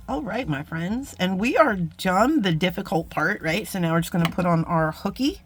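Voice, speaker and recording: A woman's voice: on the low side, expressive, moderate pace, few pauses, a little hiss or hum. A middle-aged woman chatting casually through a jewelry-making tutorial, self-deprecating and talking to viewers as friends. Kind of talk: casual craft tutorial chat.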